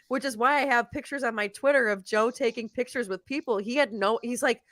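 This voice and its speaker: Woman on a video call, lots of laughing, lively storytelling, dry close sound. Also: on the high side, fairly quick, hardly any pauses, no room sound. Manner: laughs often, animated storytelling. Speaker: lawyer co-host on a live stream. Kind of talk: casual chat on a video call.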